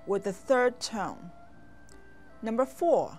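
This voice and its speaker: A woman teaching as a language instructor, speaking in a slow, deliberate instructional manner with clear, careful enunciation and long pauses. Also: fairly high pitch, lively intonation. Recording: voice over soft background music.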